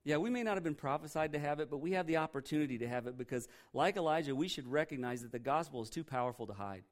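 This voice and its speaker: A man preaching a sermon as pastor, emphatic and animated, often repeating phrases for effect. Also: on the high side, quick pace. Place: church.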